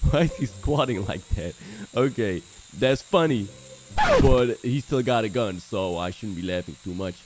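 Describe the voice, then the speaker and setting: A young man narrating a horror game he is playing, jumping between hushed muttering and startled yelling. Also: lowish voice, expressive, normal speed, very noisy. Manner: jumpy, exclaiming, swings between hushed and yelling. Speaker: gaming channel host.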